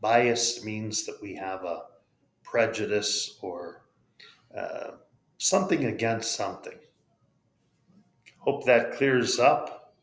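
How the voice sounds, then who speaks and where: A man with an American accent teaching English pronunciation, spelling out letters and modeling each word with patient care. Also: fairly low pitch. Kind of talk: pronunciation lesson. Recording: roomy echo.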